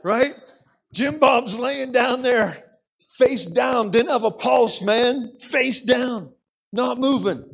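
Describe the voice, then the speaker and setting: Male preacher, high voice, animated sermon storytelling, repeats words. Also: takes it slowly, vocal fry, slightly rough. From United States.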